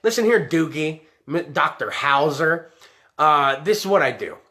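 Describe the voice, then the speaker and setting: A man's voice: on the high side, animated, a little slow, sharp tone. A man hosting a live-streamed show, talking in a loose, tipsy, heavily profane way. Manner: rowdy, tipsy, swears a lot. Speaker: podcast host.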